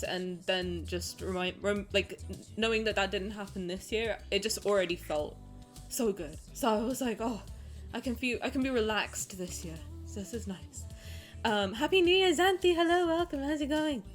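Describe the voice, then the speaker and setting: On a live stream, a young woman with a slightly high voice chats casually, bubbly and warm, greeting her viewers one at a time.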